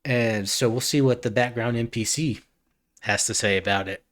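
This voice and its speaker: A man's voice: medium pitch, normal speed, fairly bright tone. A man streaming a reaction, talking casually in an earnest, rambling way with frequent restarts.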